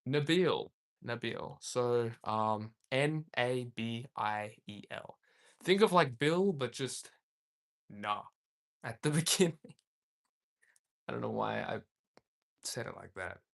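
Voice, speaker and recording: A man's voice: mid-range voice, animated, slow pace, gravelly, long pauses. Young man chatting on a livestream. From Australia. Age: young adult. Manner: rambling, reads viewer comments aloud, laughs often. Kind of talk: casual live-stream chat.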